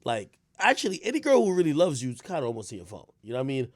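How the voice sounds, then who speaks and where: A man talking casually on his stream, rambling with stammered restarts, dropping to low mutters and rising to shouts. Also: huge pitch swings, racing, no room sound, studio quality. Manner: frequent stammered restarts and fillers. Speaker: streamer host.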